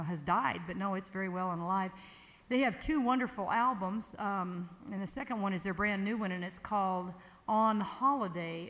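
A woman's voice: medium pitch, fairly bright tone. A woman, chatting casually as emcee of a live music event, rambling and playful as she introduces a band. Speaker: emcee at a music camp evening dance. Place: large hall with audience. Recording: echoey hall with ambient noise.

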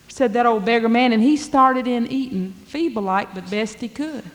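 A woman's voice: a little high, normal speed, hardly any pauses. A woman telling a folk tale in a drawling, dialect-rich way. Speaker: storyteller. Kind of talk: folk storytelling performance. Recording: long hall reverb.

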